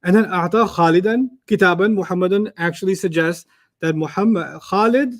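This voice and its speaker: A man teaching an Arabic lesson to a class, explaining word order with lively made-up examples and questions to the students. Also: sits high, fast talker. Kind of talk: classroom lecture.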